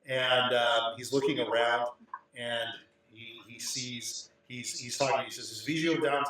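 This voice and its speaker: A man runs a tabletop game, narrating at an easy pace with frequent pauses and fillers. He sits some way from the microphone, and his voice rings around a very echoey room. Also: medium pitch, recorded from a distance. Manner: relaxed, halting narration with many fillers. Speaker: game master. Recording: roomy, echoey, off-mic.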